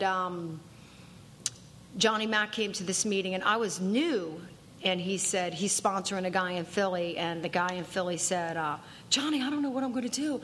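A woman's voice: medium pitch, fairly bright tone. Woman, recovery-meeting testimony, earnest, emphatic, repeats lines, faint hiss. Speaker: speaker sharing at a recovery meeting. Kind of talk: personal testimony storytelling.

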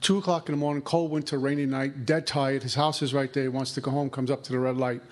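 A man's voice: medium pitch, level tone, fast, hardly any pauses. A man giving a conversational recovery talk, acting out inner dialogue. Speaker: recovery speaker.

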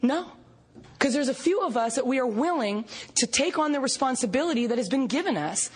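A woman from Canada giving an animated recovery meeting share, storytelling with laughs and acted-out quotes. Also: high voice, a little fast, slightly rough. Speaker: recovery fellowship speaker.

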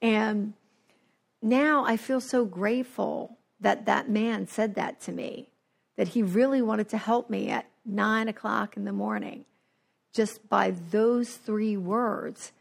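A woman sharing her recovery story at a meeting, animated and acting out the voices of people she quotes. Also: mid-range voice, slow pace, creaky. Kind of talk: personal recovery share. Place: New Jersey.

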